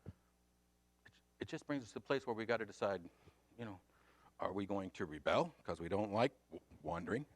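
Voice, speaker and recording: Animated American man teaching Bible class. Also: on the low side, fairly quick, long pauses. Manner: animated, shifts between loud emphasis and quiet asides. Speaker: Sunday school teacher.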